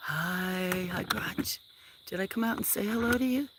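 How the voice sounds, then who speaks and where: A woman on a casual farm livestream, chatting with viewers and talking softly to her animals. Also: mid-range voice, measured pace. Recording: outdoor noise with chirping crickets. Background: crickets and insects.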